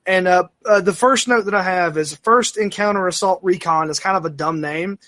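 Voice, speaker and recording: On a casual gaming podcast, a male co-host with a fairly high voice sounds bright and forward. He rambles with fillers and restarts at a moderate pace, telling animated, self-mocking stories, and there's no echo.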